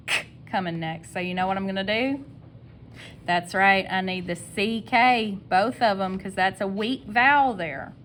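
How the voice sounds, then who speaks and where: A Southern-accented woman gives a phonics lesson at an unhurried, drawn-out pace and stretches each sound of a word. Her tone is patient and encouraging, and a faint low rumble sits behind her voice. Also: a bit bright. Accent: Southern American. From American South. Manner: sounds out words slowly, repeating each sound. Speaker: teacher.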